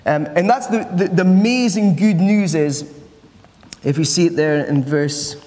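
The pastor continues his earnest sermon in church, leaning on repeated phrases for emphasis. He speaks unhurriedly in a high, slightly mellow voice, with long church reverb around him.

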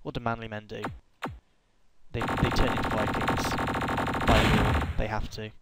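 A man's voice: fairly low pitch, flat delivery, normal speed, vocal fry, loud music behind the voice, rough recording. A young man giving rambling, joking commentary while playing a game, with random outbursts and hummed tunes. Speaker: gaming YouTuber. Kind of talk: casual gameplay commentary.

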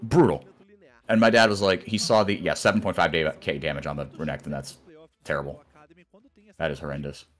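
A man co-casting an esports stream, talking in rambling, animated casual chat with many restarts. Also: rumbling low, brisk, long pauses. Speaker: esports co-caster.

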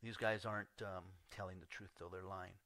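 A male pastor preaching a sermon in an earnest way, swinging between loud emphasis and hushed asides. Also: low voice, fairly even intonation, moderate pace, dry recording.

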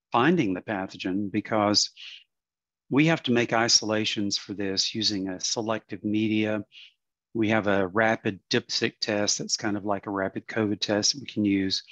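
A man presenting on plant diseases in a webinar, explaining in a halting way with many fillers and some throat clearing. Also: on the low side, a bit bright, dry recording, muffled recording.

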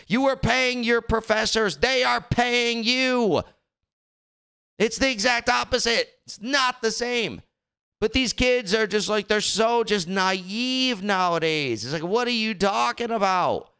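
A man's voice: high-pitched, unhurried, vocal fry, bright, forceful tone, clear, resonant tone. A man hosting a casual commentary chat, ranting in an exasperated way and stumbling over repeated words as he gets worked up.

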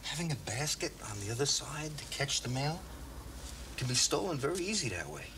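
A brash American cop. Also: male voice, medium pitch, sing-song, brisk. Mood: casual. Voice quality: sardonic, blunt. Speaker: police detective. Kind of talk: 1980s TV crime drama acting. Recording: noisy 1980s TV soundtrack.

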